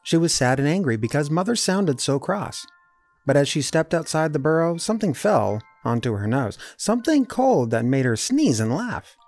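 Male storybook reader, fairly high, very expressive, soft music bed. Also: moderate pace. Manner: lively, animated character voices. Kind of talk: storybook read-aloud.

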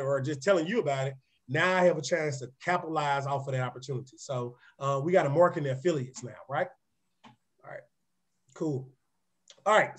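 A man with a raspy voice gives a live-streamed motivational business presentation, energetic and chatty, often checking in with his listeners. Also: a little high. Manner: energetic, conversational, often asks "right?"; repeats words and restarts sentences. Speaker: real estate presenter.

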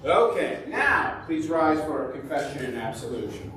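A man as pastor, telling a Bible story to children in an animated way and acting out its voices. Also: on the high side, a little slow, background noise. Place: church sanctuary. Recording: echoey church from far off.

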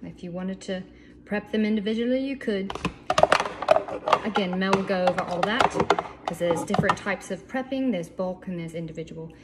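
A woman's voice: mid-range voice, moderate pace. Chatty woman in a noisy kitchen. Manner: chatty, enthusiastic, playful asides. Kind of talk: casual kitchen demo video. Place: home kitchen. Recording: loud background noise.

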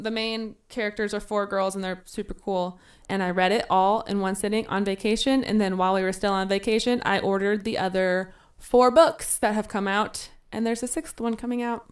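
A woman podcast host telling a funny personal story in a casual, animated way, acting out her younger self's lines. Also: medium pitch.

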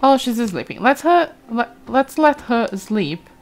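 A woman's voice: a little high, expressive, measured pace. A young woman from Brazil, chatting casually over gameplay, exclaiming often and reading chat aloud. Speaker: streamer.

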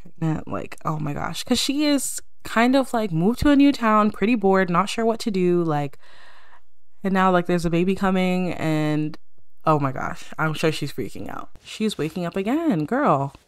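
A young woman chatting excitedly through a life-simulation game, talking to her viewers in a slangy, casual way. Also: lowish voice, moderate pace, clear, resonant tone, no echo, studio quality. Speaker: let's play creator. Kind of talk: casual gameplay commentary.

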